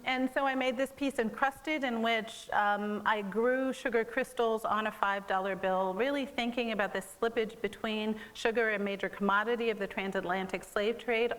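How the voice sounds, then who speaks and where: A woman's voice: mid-range voice, a bit bright, long reverb tail, low-quality recording. A woman artist giving a conversational gallery talk about her work, explaining at an easy pace with frequent fillers. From American. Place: museum gallery.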